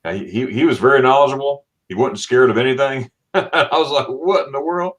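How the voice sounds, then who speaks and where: A middle-aged man from Florida hosting a casual livestream chat, telling animated stories and acting out what people said with laughs. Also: mid-range voice, brisk, husky. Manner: animated storyteller, acts out quotes with laughs. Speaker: livestream host.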